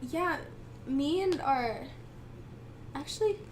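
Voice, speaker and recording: High, slow-talking giggly young woman. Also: animated. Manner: giggly, easygoing answers. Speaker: band bassist and singer. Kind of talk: casual interview chat. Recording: roomy, distant mic, faint noise.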